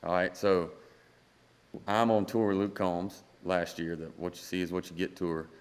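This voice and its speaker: A man's voice: low-pitched, flat delivery, normal speed. A man in his thirties, a country singer-songwriter guest, telling a story and acting out the dialogue. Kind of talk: storytelling in a podcast interview.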